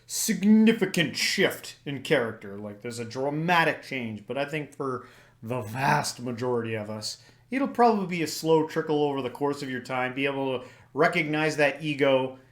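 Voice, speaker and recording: A man co-hosting a casual discussion, speaking in a calm, reflective way. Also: mid-range voice, moderate pace. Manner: calm and reflective, many short agreements. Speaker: co-host.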